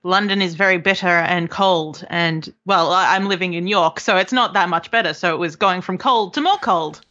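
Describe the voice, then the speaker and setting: A woman's voice: on the low side, normal speed, sharp tone, lo-fi sound. A young Australian woman, just over a cold, chatting as a podcast guest, hesitant with many ums and restarts. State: recovering from a cold. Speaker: podcast guest, game developer. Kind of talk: casual interview chat.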